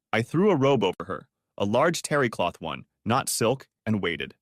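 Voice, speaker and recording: A man narrating a first-person drama story for an audiobook in a dramatic, expressive way. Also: on the low side, moderate pace, hardly any pauses, dry recording, studio quality.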